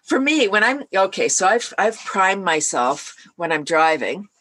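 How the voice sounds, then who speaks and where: A woman guest who leads laughter yoga, chatting casually and laughing often as she tells animated stories. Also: mid-range voice, measured pace, husky. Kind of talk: casual podcast chat.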